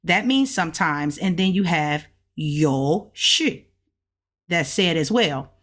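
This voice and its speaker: The host of a language-learning channel gives a casual video lesson, explaining step by step and stretching out sounds to demonstrate them. Her voice is on the low side, animated and fairly bright, at normal speed.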